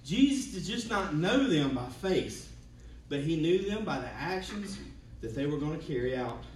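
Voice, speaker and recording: Pastor preaching in an echoey church. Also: male voice, fairly high pitch, very animated, normal speed, distant mic, slight background noise. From Georgia, US. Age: 40s. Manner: preaching with hums, builds to shouts. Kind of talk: sermon. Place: church sanctuary.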